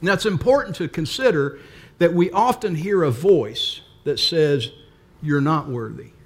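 A man's voice: high voice, sing-song, measured pace. An older man preaching a sermon as pastor, earnest and emphatic, with repeated phrases.

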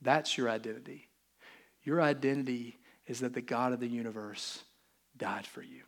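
A man's voice: medium pitch, steady tone, moderate pace. A male pastor with a Southern US accent giving a sermon in a conversational, joking way, acting out little quotes. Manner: conversational, jokey, acts out quotes.

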